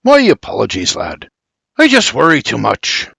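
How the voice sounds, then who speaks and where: A man's voice: mid-range voice, wildly swooping pitch, normal speed, creaky, bright, forceful tone, husky, no room sound, studio quality, exaggerated voice. A man voicing a proud, teasing father in a bluff brogue, in an audiobook. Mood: jovial.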